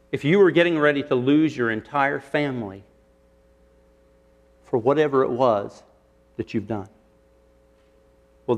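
A man preaching a sermon, retelling a parable with rhetorical questions and shifting emphasis. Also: mid-range voice. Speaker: pastor.

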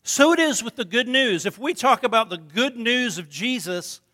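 A man's voice: extremely high pitch, expressive, normal speed, pushed and bright. A middle-aged male pastor preaching a sermon in a conversational, storytelling way with touches of humor. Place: church sanctuary. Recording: long reverb of a church hall.

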